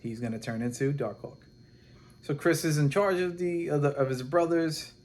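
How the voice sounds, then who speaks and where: A man casually recapping a comic book plot, animated and rambling, acting out the characters' lines as he goes. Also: a little high, normal speed. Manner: rambling and animated, with many restarts and quoted dialogue.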